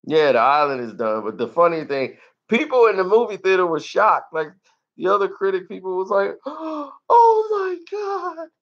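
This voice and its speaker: A man reviewing a movie in casual talk, animated and laughing often as he acts out scenes. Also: high-pitched, brisk, vocal fry, highs cut off.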